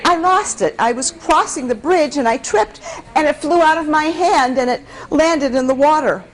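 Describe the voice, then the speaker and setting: A woman's voice: high-pitched, moderate pace, pitched above the performer's own voice, close to an everyday voice, low-quality recording. A woman storyteller voicing a simple-hearted young village boy who stammers eagerly. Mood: flustered.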